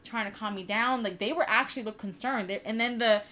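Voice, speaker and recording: A woman's voice: a little high, a little fast, sharp tone. A woman in her twenties telling a personal story in casual chat, candid and profane with lots of "like". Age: 20s. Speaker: podcast co-host.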